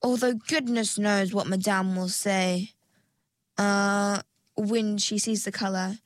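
A woman voicing a sensible, cautious girl in a storybook, calm and matter-of-fact. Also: mid-range voice, slow pace, no room sound, lightly acted. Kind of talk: storybook character voice.

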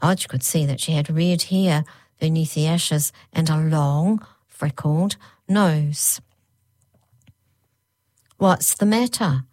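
A woman narrating a children's storybook aloud, slowing right down on the spooky phrases. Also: sits low, dark tone, no room sound. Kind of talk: storybook reading.

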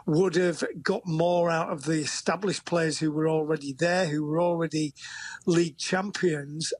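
A man reporting on football for a news broadcast, measured and steady, with small restarts. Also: a little high. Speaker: football correspondent.

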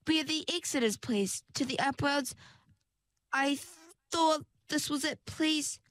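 A young mermaid, nervous and pleading, whose voice rides high above a plain reading voice, acted by a woman. The sound is dry and close. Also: takes it slowly, a bit bright, no echo. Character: anxious young mermaid girl, pleading and flustered. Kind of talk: storybook narration.

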